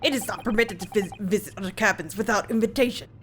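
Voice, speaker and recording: A woman's voice: medium pitch, fast talker, slight background noise, lightly acted. A woman voicing a curt, hostile male ship guard in a put-on Russian accent and broken English, reading game dialogue aloud.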